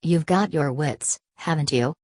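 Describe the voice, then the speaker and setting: A woman's voice: sits low, unhurried, a little mellow, no room sound, studio quality. A woman voicing a bitter, exasperated older father who scolds his daughter in an audiobook. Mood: angry. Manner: angry and scolding.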